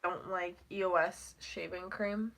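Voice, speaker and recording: A woman's voice: on the low side, fairly even intonation, unhurried, vocal fry, heavy background noise. A teenage girl with a stuffy, congested nose, rambling casually on a live stream, full of "like" and casual swearing.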